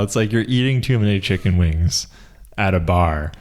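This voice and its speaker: A man's voice: fairly low pitch, expressive, a little fast. A man co-hosting a podcast in casual comedic chat, laughing often and repeating lines for fun. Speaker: podcast co-host.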